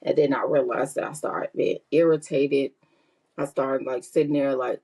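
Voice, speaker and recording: A woman's voice: a bass voice, fairly even intonation, moderate pace, mellow, breathy edge, low-quality recording. A middle-aged woman hosting a podcast, talking in a candid, heartfelt way and repeating herself for emphasis. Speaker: podcast host. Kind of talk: casual personal monologue.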